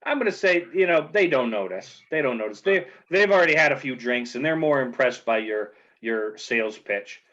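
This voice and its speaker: A man narrating as game master of a tabletop game in a relaxed, halting way, full of fillers, on dull lo-fi audio. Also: medium pitch.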